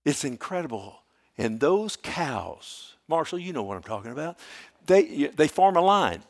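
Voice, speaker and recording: An older man, preaching a sermon in a folksy storytelling way that swings from hushed to loud. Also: fairly high pitch, very animated, a little slow. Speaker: pastor.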